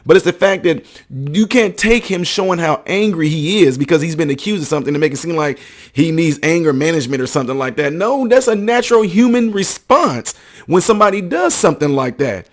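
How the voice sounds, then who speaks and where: Fast-talking, emphatic male commentator. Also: fairly high pitch, expressive. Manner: emphatic, acts out quotes and asks listeners if they follow. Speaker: commentary video host; ministry counselor. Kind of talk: casual video commentary.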